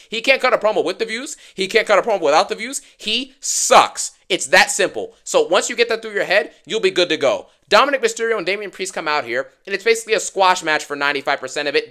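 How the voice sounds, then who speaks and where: A man hosting a wrestling review channel, ranting fast and dismissively about last night's show. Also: on the high side, sharp tone. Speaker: wrestling YouTuber.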